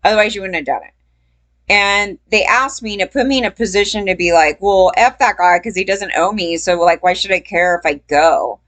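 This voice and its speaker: A young adult woman telling a personal story in a loose, rambling way, swearing often, laughing, and jumping up in pitch when she gets emphatic. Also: moderate pace, few pauses, a bit bright. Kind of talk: casual storytelling.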